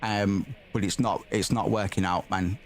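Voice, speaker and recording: A man's voice: fairly low pitch, steady tone, normal speed, a little hiss or hum. A man streaming a game, reading its text aloud and chatting bluntly, swearing freely and calling the audience "man" and "bro".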